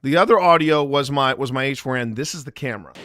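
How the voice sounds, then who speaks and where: Here a mid-range male voice, quick and a bit bright, belongs to a paranormal investigator on his live stream. He jokes and wanders while laying out how he edits, talking directly to the chat.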